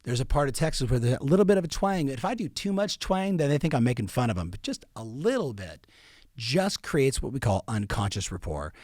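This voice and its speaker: A man's voice: mid-range voice, big pitch swings, fairly quick, darkish tone, no room sound, studio quality. A middle-aged man giving emphatic coaching advice to real estate agents, repeating key phrases for weight. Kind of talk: coaching talk.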